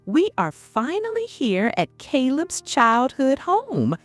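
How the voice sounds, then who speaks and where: A woman voicing a fake, gushing young female influencer with a high, sugary voice, in a narrated story. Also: huge pitch swings, slow, soft background music, heavily acted. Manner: gushing, performing for a camera.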